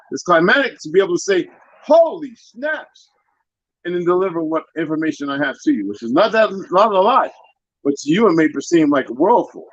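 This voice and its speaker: Guy lecturing on a call-in show, bit high, dull dry sound. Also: dry recording. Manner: lecturing, talks about himself as a linguist. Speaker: guest. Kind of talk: casual chat.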